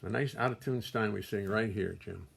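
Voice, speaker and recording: His voice is lowish with noticeable vocal fry, and he speaks at a moderate pace. An older man on a casual livestream from his music studio, he chattily reads out viewers' names, welcomes them warmly, and makes wry self-deprecating jokes.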